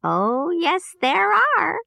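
A woman voicing a kind little old female good witch, speaking gently and reassuringly. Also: very high voice, huge pitch swings, very slow, vocal fry, no echo, pitched above the performer's own voice, exaggerated voice. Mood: kindly.

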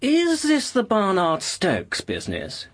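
A man's voice: high voice, wildly swooping pitch, takes it slowly, no echo, pitched above the performer's own voice, exaggerated voice. A man voicing an eager, admiring professor in an audiobook.

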